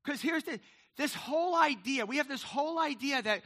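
Man, pastor, 50s, conversational sermon, high voice, bright tone, digressive asides. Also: expressive, moderate pace. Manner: chatty, digressive preaching with frequent asides to the congregation.

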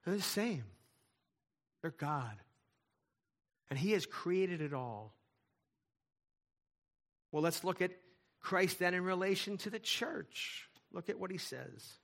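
A man's voice: sits high, animated, slow, pauses often, a bit bright. A man preaching a sermon as lead pastor of a church, emphatic, repeating key lines and asking rhetorical questions.

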